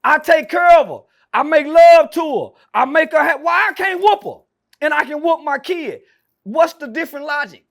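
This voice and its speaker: This is a man who preaches loudly and argues in rhetorical questions. His voice is high for a man and often rises to a shout. He speaks as a podcast guest in a provocative monologue. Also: expressive, moderate pace, creaky.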